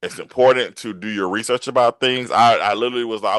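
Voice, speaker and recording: A man hosting a casual interview podcast, animated and laughing easily, often repeating his phrases. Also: on the low side, fast talker, dry recording. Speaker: podcast host and writer.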